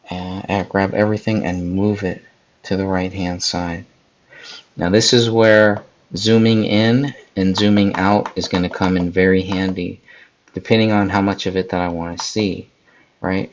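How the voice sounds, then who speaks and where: A man with a low, gravelly voice leads a live editing tutorial, casually explaining each step as he goes. He chats with viewers in the live chat while he works. The recording sounds dull and lo-fi. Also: a little mellow. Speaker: podcast host.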